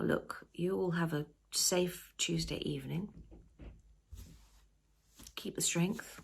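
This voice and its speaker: A woman's voice: on the low side, gravelly, a little mellow, breathy edge. A woman reading her own novel aloud, chatting and joking between chapters. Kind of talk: storybook reading and casual chat.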